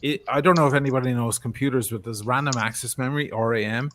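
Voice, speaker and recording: A man's voice: mid-range voice, fast, fairly bright tone, slight background noise. A man with a Dublin Irish accent telling stories in a casual chat, swearing freely. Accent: North Dublin Irish. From Ireland. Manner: chatty storyteller, swears freely. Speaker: podcast host.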